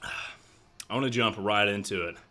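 Speaking to his chat between rounds of a livestreamed game, a young man keeps things casual and swears freely. His voice sits on the low side, with a measured pace and sharp tone, and the room sounds echoey.

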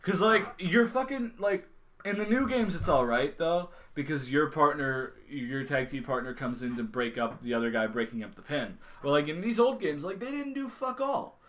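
A young man commenting casually while playing a video game at home, swearing and yelling at the screen. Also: on the high side, animated, moderate pace, a little hiss or hum. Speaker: gaming channel host. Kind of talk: casual let's-play commentary. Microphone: desk microphone.

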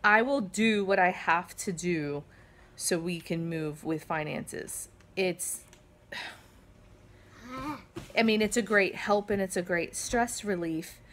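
A woman's voice: lowish voice, takes it slowly, pauses often, a bit bright. A middle-aged woman hosting a home vlog, talking to camera in an earnest, rambling way, emotional and a little shaky, with lots of fillers and restarts. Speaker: vlog host. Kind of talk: casual heartfelt talk to camera. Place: family home with kids around.

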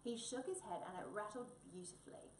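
A woman reading a children's storybook aloud in an expressive, lilting way. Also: mid-range voice, a little fast. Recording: echoey room, distant mic, faint noise.

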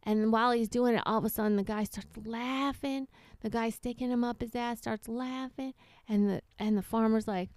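Smooth-voiced woman telling a rambling joke. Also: a little high, steady tone, moderate pace, dry recording. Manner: rambling storyteller, acts out characters loudly. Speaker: podcast co-host. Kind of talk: casual chat, telling a long joke.

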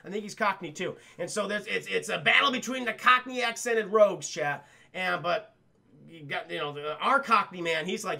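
A young man rambles through a profane, scene-by-scene film recap for his livestream chat. His voice sits high and bright, with a gravelly edge of fry that comes through whenever he trails off. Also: lively intonation, moderate pace. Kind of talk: casual spoiler recap to live chat.

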